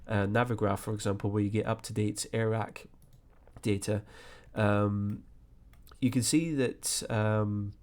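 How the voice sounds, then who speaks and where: A man hosting a screen-recorded flight sim tutorial, explaining step by step in a relaxed way with frequent fillers. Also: fairly low pitch.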